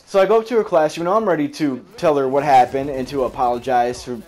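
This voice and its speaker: A man's voice: medium pitch, fast, a little mellow. A young man casually telling a long personal story from his school days, rambling, swearing and correcting himself as he goes. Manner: rambling, profane, self-correcting. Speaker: storyteller recounting a school memory.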